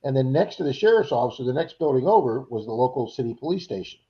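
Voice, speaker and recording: Male host, casual livestream talk, lively storyteller, dull lo-fi sound. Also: mid-range voice, fast talker, a little hiss or hum. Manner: animated storyteller, acts out quoted voices. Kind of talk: casual chat. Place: Florida.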